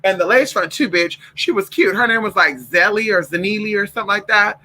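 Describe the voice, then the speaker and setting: A vlogger with a high, fairly quick, bright and forceful voice tells stories directly to his viewers, sassy and profane, addressing them as girl and y'all. The recording is rough.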